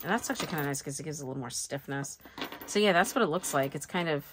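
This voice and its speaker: Low-voiced woman rambling while crafting. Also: quick pace, background noise. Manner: chatty, self-deprecating, thinks aloud. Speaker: planner vlogger.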